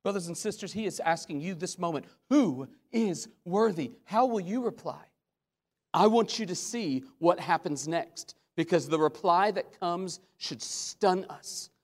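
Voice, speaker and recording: A man preaching a sermon as a pastor, with dramatic swings between loud questions and hushed asides. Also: sits high, unhurried. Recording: long hall reverb.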